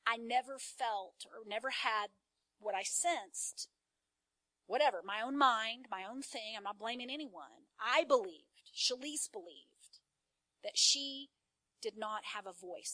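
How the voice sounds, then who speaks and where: Middle-aged woman, church speaker, emphatic testimony; bright tone, dry close sound. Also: fairly high pitch, dry recording. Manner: animated, emphatic storytelling. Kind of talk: sermon-style testimony.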